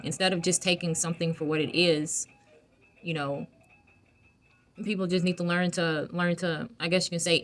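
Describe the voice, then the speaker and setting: A woman talking casually to her viewers, soft-spoken and reflective, with many fillers and restarts. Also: sits low. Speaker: vlogger giving emotional wellness advice. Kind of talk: casual reflective talk to camera.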